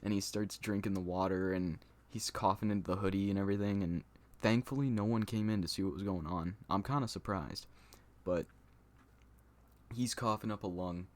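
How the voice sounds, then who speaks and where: A young man with a slightly low voice tells a story for his vlog. He talks loosely and swears a lot, filling his sentences with "like" and "you know". The tone is casual and unscripted. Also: moderate pace. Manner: loose, swearing, laughing storyteller with many fillers. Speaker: storyteller vlogger.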